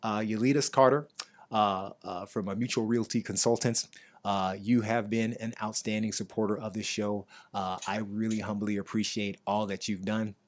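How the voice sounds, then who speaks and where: A middle-aged man with a low-pitched voice hosts a relaxed talk show. He speaks casually, then grows lively and energetic when he gives shout-outs. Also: moderate pace. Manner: animated, hyped during shout-outs. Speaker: show host. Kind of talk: casual interview chat.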